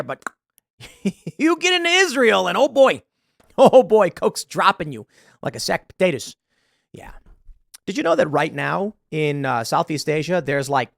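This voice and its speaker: An American man hosting casual political commentary, ranting with quick laughs and frequent restarts. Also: a little high, no echo, clean studio sound. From United States. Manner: ranting, animated, laughs mid-sentence.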